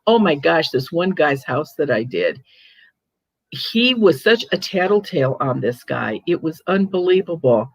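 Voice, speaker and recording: An older woman hosting a casual chat, telling stories in a chatty, animated way with frequent restarts. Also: low voice, measured pace, breathy edge, dry recording, rough recording. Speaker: host, ghost medium.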